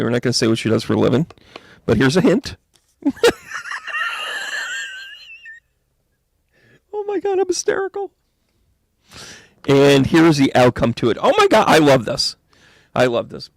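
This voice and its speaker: A man reading tarot cards and astrology live, talking in a rambling, jokey way that jumps into excited bursts. His voice is mid-pitched with a gravelly edge. The sound is dry and close, with no room around it. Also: dry recording. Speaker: psychic medium reading tarot.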